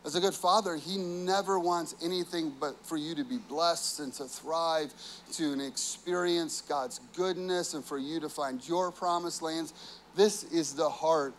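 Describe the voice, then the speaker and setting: A man's voice: on the high side, measured pace, slight background noise. A man in his thirties, a pastor telling a family story in his sermon, chatty and full of filler words. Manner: chatty, full of "like" and "you know".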